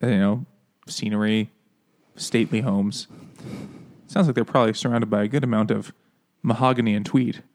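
A man's voice: fairly low pitch, steady tone, normal speed, long pauses, a little mellow. A man co-hosting a casual podcast, riffing sarcastically and laughing often. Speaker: podcast co-host. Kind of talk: casual chat.

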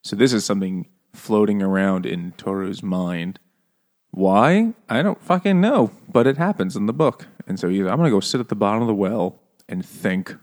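A man's voice: low-pitched, fairly quick, hardly any pauses. A man casually talking about a book on a podcast, often laughing, swearing and acting out quotes. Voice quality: profane, laughing often, animated quoting.

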